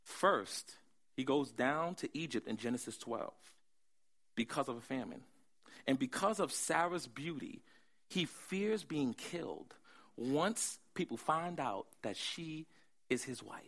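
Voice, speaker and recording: A man preaching a sermon, animated, swinging from hushed asides to loud emphasis. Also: mid-range voice, a little slow. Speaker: pastor.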